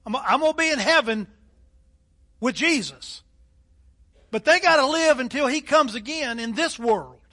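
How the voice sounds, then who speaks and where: A man's voice: extremely high pitch, lively intonation, measured pace, pauses often, sharp tone. An older man preaching a sermon as pastor, emphatic, with a delivery that rises and falls.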